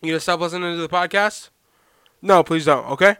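A young man with a fairly high, smooth voice hosts his podcast from home in a loose, rambling storytelling style. He keeps drifting off the story to talk to his dog. The sound is close and dry, with no room around it. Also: steady tone, a little fast, bright, forceful tone, no room sound. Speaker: podcast host. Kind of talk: casual solo storytelling.

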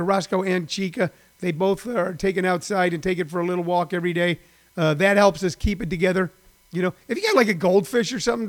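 A man's voice: high-pitched, creaky. A middle-aged man, a former stand-up comic, hosting a casual live stream from home, rambling and chatty with lots of fillers.

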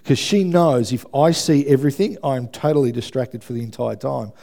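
A man's voice: medium pitch, moderate pace, gravelly, mellow. A man preaching a sermon in a conversational way, often checking in with the congregation. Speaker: pastor.

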